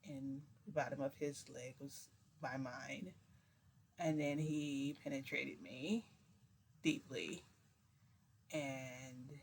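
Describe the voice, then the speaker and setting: A woman vlogger telling a story in a rambling, giggly, confessional way, with many fillers. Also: deep voice. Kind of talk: casual storytime vlog.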